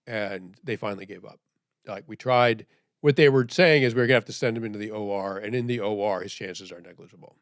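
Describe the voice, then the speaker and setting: A middle-aged man telling a story as a podcast guest, rambling and checking in with "right?", dropping to a hushed voice at grave moments. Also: on the low side, fast, no room sound, clean studio sound.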